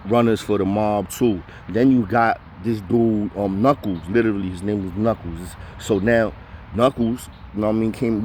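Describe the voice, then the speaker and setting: A man with a fairly low, somewhat dark voice tells profane stories casually, packed with street slang and repeated "know what I mean" fillers. Slight background noise can be heard.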